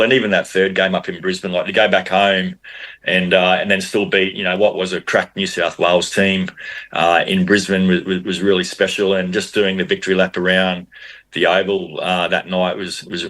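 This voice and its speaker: Low-voiced Australian man telling yarns. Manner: animated anecdotes, frequent restarts. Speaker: podcast guest, former rugby league player. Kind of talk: casual storytelling.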